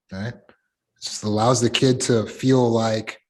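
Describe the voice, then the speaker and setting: A middle-aged man leading a support group discussion over a video call as a coach, talking through examples in an animated way. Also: medium pitch, unhurried.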